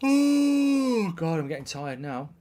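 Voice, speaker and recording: A man in his thirties hosts a live football watchalong, chatting loosely between moments of play. He reads viewer questions aloud and answers them in a dry, offhand manner. His voice sits in a middle pitch. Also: expressive, moderate pace. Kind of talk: casual live-stream chat reading comments.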